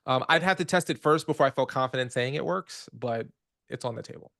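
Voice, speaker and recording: A man's voice: mid-range voice, a little fast, vocal fry, fairly bright tone. A man hosting a webinar Q&A, explaining features in a casual, conversational way and walking through the steps one by one. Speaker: host of a product Q&A webinar.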